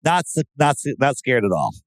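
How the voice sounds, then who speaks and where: A man talking casually and sarcastically, who often breaks into loud mocking impressions of other people. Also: mid-range voice, moderate pace, no room sound. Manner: animated, sarcastic, mimics voices loudly. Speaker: podcast guest. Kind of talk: casual conspiracy talk.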